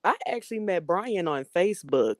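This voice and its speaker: A young woman guest speaking softly in an easygoing, casual way. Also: fairly low pitch, expressive, normal speed, dry recording, studio quality. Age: young adult. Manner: soft-spoken, easygoing, giggly. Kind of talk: casual interview chat.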